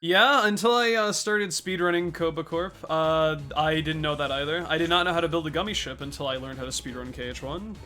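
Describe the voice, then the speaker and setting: A man's voice: fairly high pitch, brisk, hardly any pauses, bright, forceful tone, soft background music. A young man streaming a speedrun, chatting casually as he thanks viewers and explains his game tactics. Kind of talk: casual livestream chat while speedrunning.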